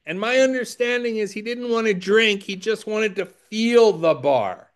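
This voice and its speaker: A man's voice: high-pitched, expressive, a little slow. A man giving a rambling storytelling talk to a recovery audience, digressive and self-deprecating with wry asides. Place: indoors by a window.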